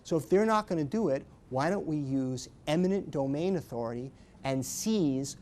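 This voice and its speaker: Man, middle-aged, attorney, seminar talk, animated storytelling, acts out quotes. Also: fairly high pitch, normal speed. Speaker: attorney speaking at a training seminar.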